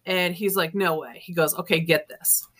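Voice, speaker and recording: A woman's voice: on the low side, moderate pace. A woman guest author in an interview, telling ghost stories casually and acting out other people's lines as she goes. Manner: lively storyteller, acts out quoted dialogue, laughs often.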